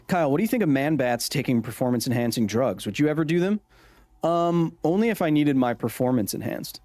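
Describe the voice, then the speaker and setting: A man's voice: mid-range voice, lively intonation, a little fast, darkish tone, no echo. A man hosting a casual gameplay livestream, joking as he reads and answers his chat's messages. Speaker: livestream host.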